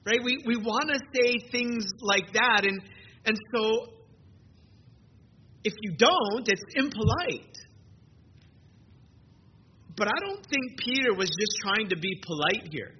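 A male pastor preaching an earnest, emphatic sermon at an evening church service, slowing down to stress key phrases. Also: sits high, expressive. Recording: dull lo-fi with clear hiss.

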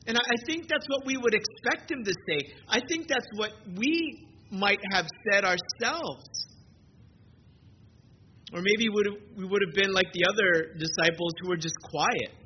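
A male pastor preaching an earnest, emphatic sermon at an evening church service, slowing down to stress key phrases. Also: high voice. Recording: dull lo-fi with clear hiss.

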